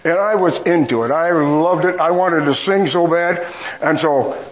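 A man's voice: on the high side, a little slow, rough recording. A middle-aged man preaching a storytelling sermon, with folksy, self-mocking humor.

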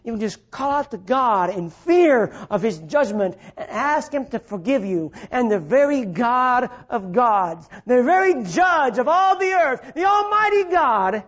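A man preaching a sermon, swinging between shouted lines and hushed, low-spoken ones. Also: lively intonation, measured pace, hardly any pauses, muffled recording.

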